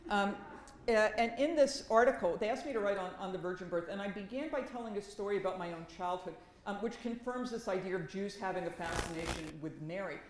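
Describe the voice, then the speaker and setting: An animated woman from Massachusetts talks with wry humor, often repeating words for emphasis. She speaks as a professor on a panel, and her voice rings in an echoey room. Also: mid-range voice, a little fast, slight background noise. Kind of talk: conversational academic talk.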